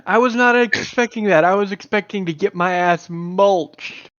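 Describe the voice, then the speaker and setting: A man's voice: high-pitched, normal speed, a bit bright, no echo, lo-fi sound. A man playing in a tabletop game, talking casually and swearing. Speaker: player.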